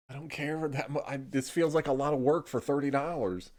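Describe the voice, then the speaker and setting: A man's voice: mid-range voice, fairly even intonation, normal speed, darkish tone. A young man from Indiana streaming casual rambling chat, laid-back, swearing freely and trailing off into "I don't know.". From Indiana, USA.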